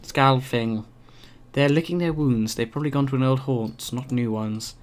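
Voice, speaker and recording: A man's voice: mid-range voice, normal speed, close to an everyday voice. Man doing a posh haughty nobleman. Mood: aloof. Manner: upper-class, clipped delivery.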